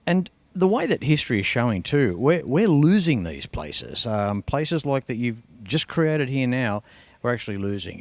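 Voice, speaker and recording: A man's voice: medium pitch, dry recording. An Australian man hosting a car show, chatting casually and enthusiastically as he tours a collection. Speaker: host.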